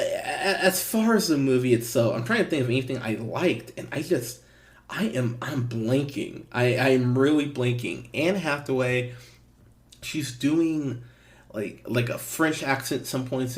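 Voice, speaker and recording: A man's voice: medium pitch, moderate pace. A man hosting a movie podcast, giving a casual, blunt review with frequent swearing and restarts. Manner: blunt, swears, lively emphasis with fillers and restarts. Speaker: podcast host.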